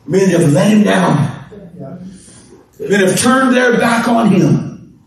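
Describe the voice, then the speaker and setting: A man preaching a fervent sermon to a church, shouting his refrains and laughing between lines, heard in an echoing sanctuary. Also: high-pitched, expressive, takes it slowly, gravelly. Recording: echoey hall from far off.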